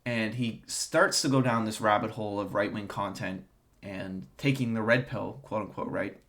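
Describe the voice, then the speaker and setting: A man's voice: lowish voice, steady tone, normal speed, fairly bright tone. Young man ranting sarcastically. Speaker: online commentator. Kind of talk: opinion monologue to camera.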